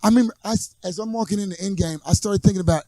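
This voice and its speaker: A man hosting a podcast, telling stories in casual chat and acting out quotes loudly. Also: high voice, very fast, no echo. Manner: animated storyteller, acts out quotes. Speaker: podcast host.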